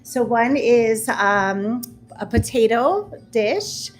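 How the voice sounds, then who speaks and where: Friendly woman chef with a slightly high voice. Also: animated, drawn-out words, soft background music. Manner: friendly, with many hesitations. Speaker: restaurant owner and chef. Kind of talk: explaining a menu to guests.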